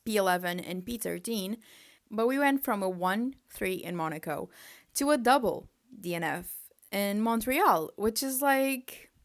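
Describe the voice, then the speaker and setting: A young woman vlogger chatting casually, an exasperated fan full of "like" and quick asides. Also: mid-range voice. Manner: animated, exasperated fan ranting with lots of "like". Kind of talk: casual chat.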